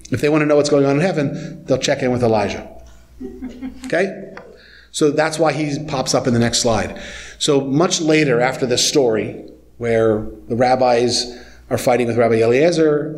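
A man giving a guest sermon as a rabbi in a church sanctuary, teaching in a conversational, animated storytelling way with frequent asides to the congregation. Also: mid-range voice.

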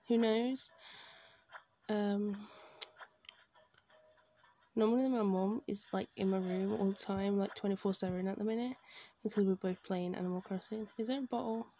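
A woman chatting casually over her gameplay from her bedroom at home, gushing and excitable as she talks. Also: medium pitch. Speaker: video game streamer.

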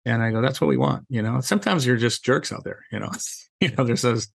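Animated and fairly quick, a middle-aged safety trainer tells casual stories as a podcast guest, acting out lines of dialogue and peppering his talk with "you know." His mid-range voice is creaky and slightly rough, with no echo.

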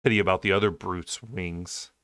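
A man voicing a cruel, mocking king, speaking slowly in a low, drawn-out tone. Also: steady tone, fairly bright tone, no echo, studio quality.

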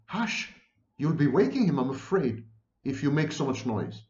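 A man's voice: a little high, very animated, normal speed, darkish tone. A man reading aloud and voicing a timid, thoughtful little girl who pleads earnestly, recorded in a roomy space with dull sound.

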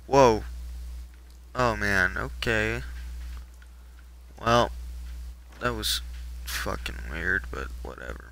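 A sleepy male streamer comments on his game in a slow, laid-back drawl, muttering and swearing as he goes. His voice is lowish, gravelly and strikingly bright. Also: sing-song, slight background noise, poor audio. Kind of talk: casual live gameplay commentary.

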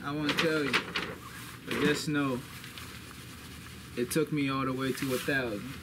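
A man's voice: medium pitch, fairly even intonation, unhurried. A young man hosting a casual vlog, boastful and repeating phrases for hype, talking to a camera mic indoors at home. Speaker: vlogger. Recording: noisy background.

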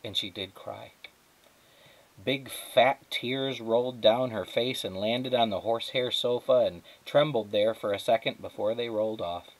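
A male teacher reading a children's chapter book aloud, narrating in a steady, measured way. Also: medium pitch, rough recording. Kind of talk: storybook read-aloud.

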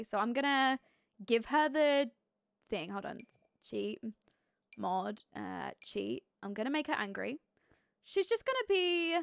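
A woman streaming a life-sim game live, chatting casually and thinking aloud, with sudden excited outbursts. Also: a little high, no room sound, clean studio sound. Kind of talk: live gameplay commentary.

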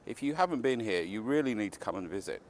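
A man's voice: mid-range voice, sing-song, brisk, gravelly. A man vlogging casually to camera outdoors on a city street, chatty and enthusiastic with wry asides. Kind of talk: casual walking vlog to camera. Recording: faint street noise outdoors.

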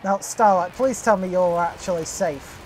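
A woman hosting a casual gaming video, given to excitable exclamations and earnest appeals. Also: lowish voice, moderate pace, a little hiss or hum. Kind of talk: casual gameplay chat.

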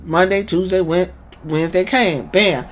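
A woman's voice: on the low side, unhurried. A woman hosting a podcast who retells a story casually and animatedly, swearing often and acting out each character. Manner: animated, profane, acts out every character. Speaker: podcast host.

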